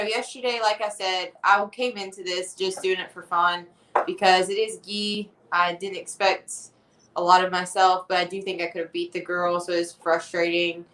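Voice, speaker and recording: A woman's voice: medium pitch, a bit bright, recorded from a distance, low-quality recording. A woman competitor talking candidly in a casual chat, laughing between remarks.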